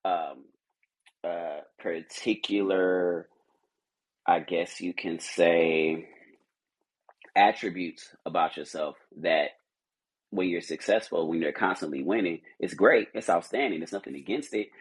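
Speaking a little slowly in a low, slightly rough voice, a CEO guest on a podcast rambles through an earnest motivational talk with many restarts. The recording quality is rough.

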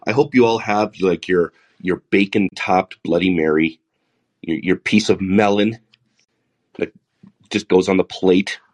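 A man with a baritone voice hosting a live podcast, talking through the week's news with sarcastic asides. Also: a little slow. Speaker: podcast host. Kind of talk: solo podcast monologue.

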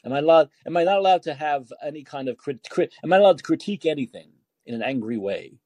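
Talking fast in a dark, animated, somewhat high voice, a man hosting a call-in podcast rants with indignation. He fires off rhetorical questions and repeats words when heated, captured in a dry recording.

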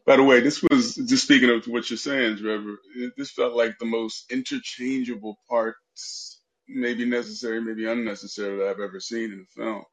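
A man's voice: mid-range voice, little pitch movement, moderate pace, fairly bright tone. A man in casual podcast chat, giving his opinion while thinking aloud.

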